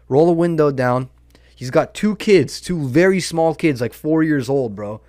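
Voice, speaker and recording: A man's voice: medium pitch, fairly quick, darkish tone, no room sound, clean studio sound. A young man hosting a podcast, telling a story in a rambling, profane, slangy way. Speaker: podcast host. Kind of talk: casual storytelling monologue.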